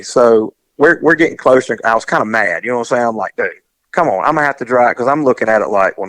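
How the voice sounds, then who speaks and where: A man's voice: medium pitch, no echo. A man telling a story in casual chat and acting out the dialogue as he goes. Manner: animated, acts out the dialogue in his story.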